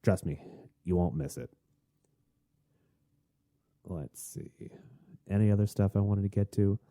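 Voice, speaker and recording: A man hosting a solo podcast, talking in a rambling, chatty and excitable way. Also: fairly low pitch, measured pace, no room sound, studio quality. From Tennessee. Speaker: podcast host.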